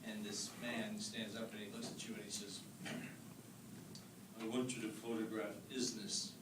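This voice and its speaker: A man's voice: on the low side, level tone, measured pace. A man, a former student, reminiscing at a memorial, hesitant and full of fillers. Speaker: former student and event emcee. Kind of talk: informal remarks at a memorial. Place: hall at a memorial gathering. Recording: distant, echoey, loud crowd noise.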